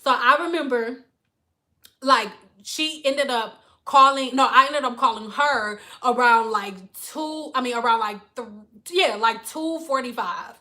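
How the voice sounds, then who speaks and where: A woman with a Detroit accent tells a profane story in a high, bright voice on a livestream. She talks animatedly and breaks off to thank donors. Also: unhurried. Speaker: hairstylist and livestream host.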